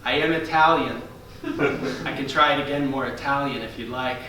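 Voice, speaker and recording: Man doing a hesitant, hushed auditioning actor. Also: mid-range voice, moderate pace, slight background noise, voice pushed down, close to an everyday voice. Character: nervous male actor at an audition. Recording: echoey stage from far off.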